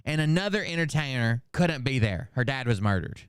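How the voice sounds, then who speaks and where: A man's voice: medium pitch, lively intonation, fairly quick, smooth, no echo, studio quality. Rambling, profane male commentator. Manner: rambling and forgetful, loses names, profane asides. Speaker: commentary channel host.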